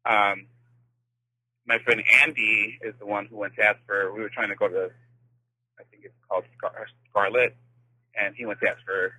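A man rambles excitedly through a message to the show, piling on fillers as he gushes. His voice is very bright and a little husky. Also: lowish voice, moderate pace, pauses often, no echo, low-quality recording. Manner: gushing, rambling with many fillers. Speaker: caller.

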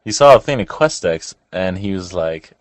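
A man's voice: deep voice, lively intonation, moderate pace, no room sound. A young adult man co-hosting a casual podcast chat, crude and joking and laughing often. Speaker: podcast co-host.

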